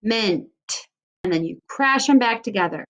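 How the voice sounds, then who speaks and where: In a recorded lesson for second graders, a woman works through phonics, slowly sounding out words and offering encouragement as she goes. Her voice is medium-pitched and a bit bright, with lively intonation.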